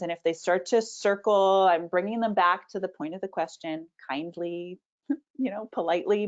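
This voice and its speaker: Confident woman coaching over a video call. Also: mid-range voice. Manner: confident, animated, demonstrates intonation. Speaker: public speaking coach. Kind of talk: webinar Q&A answers. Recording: slightly dull video-call audio.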